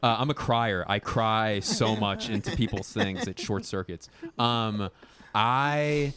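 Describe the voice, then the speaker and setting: A man's voice: lowish voice, slow pace, a crowd in the background. A young man co-hosting a casual podcast chat, telling a long, rambling story and laughing through his own words. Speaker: podcast co-host.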